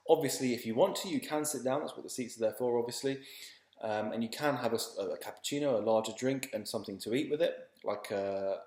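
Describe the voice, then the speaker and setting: A man teaching beginners in a relaxed, chatty and reassuring way, often repeating his words. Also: mid-range voice, fast, reverberant. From England. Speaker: language teacher. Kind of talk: casual spoken lesson.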